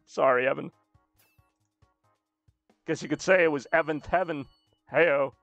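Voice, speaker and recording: A man's voice: a little high, unhurried, gravelly, fairly bright tone, no echo, soft background music. Rambling, jokey young male streamer. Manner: rambling, jokey, reacting to chat. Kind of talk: casual game-stream chatter.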